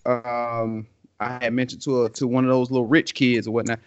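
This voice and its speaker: A man's voice: mid-range voice, flat delivery, moderate pace. A man co-hosting a casual chat, talking loosely with lots of fillers and slang. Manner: loose, rambling talk with many fillers and slang. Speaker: podcast co-host. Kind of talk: casual conversation. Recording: dull lo-fi audio.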